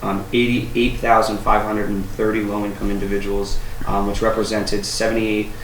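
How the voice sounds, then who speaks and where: 30s guy from massachusetts, low monotone, sounds off-mic in an echoey room. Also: moderate pace. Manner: friendly, many ums. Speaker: guest, program manager. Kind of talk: casual radio talk. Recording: roomy, distant mic, faint noise.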